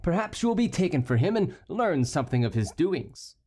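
A man's voice: fairly high pitch, very animated, fairly quick, mellow, breathy edge, pitched above the performer's own voice. A man voicing a witty, mocking male court jester in a storybook reading, with a teasing, playful delivery.

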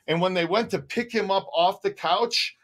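Animated male livestream co-host. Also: sits high, normal speed. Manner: animated, laughing storyteller reading viewer comments. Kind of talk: casual livestream chat and storytelling.

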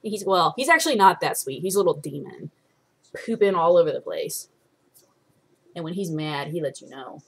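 A woman's voice: lowish voice, lively intonation, normal speed, husky. Chatty young woman, rambling webcam vlog. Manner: rambling, chatty, many ums, swears casually. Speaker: vlogger. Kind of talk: casual chat to followers. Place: at home by her desk.

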